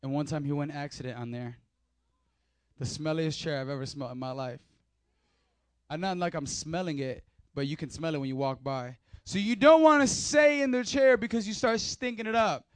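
A man's voice: on the high side, moderate pace, clean tone, no echo. A man leading a church service as pastor, joking and playful, firing up the crowd into a mic. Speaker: youth pastor. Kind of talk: energetic church service talk. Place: church hall.

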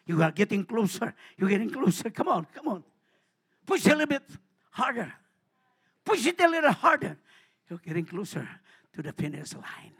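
A man preaching a sermon in church, repeating hallelujah between phrases and swinging from hushed asides to shouted calls. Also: high voice, big pitch swings, moderate pace, pauses often, slightly rough. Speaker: pastor.

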